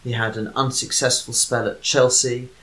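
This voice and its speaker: A man's voice: mid-range voice, level tone, normal speed, bright, forceful tone. A man hosting a casual talk show, chatty and steering the discussion. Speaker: podcast host. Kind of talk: casual chat.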